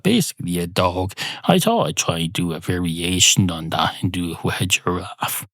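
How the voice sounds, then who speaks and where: A man's voice: deep voice, animated, moderate pace, fairly bright tone, no echo, clean studio sound. A man hosting a podcast, rambling through a playful comic monologue, often cutting himself off and swearing freely. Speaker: podcast host.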